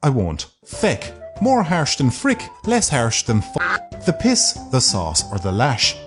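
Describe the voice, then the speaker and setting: An Irish man giving scripted comedic narration in a deadpan, sardonic way. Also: fairly high pitch, takes it slowly, music in the background. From Ireland.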